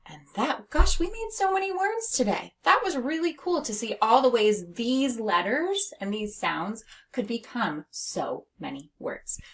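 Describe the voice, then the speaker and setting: A woman reading teacher leading a phonics lesson for young children, slowly and clearly sounding out letters and words. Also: fairly high pitch, big pitch swings. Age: adult.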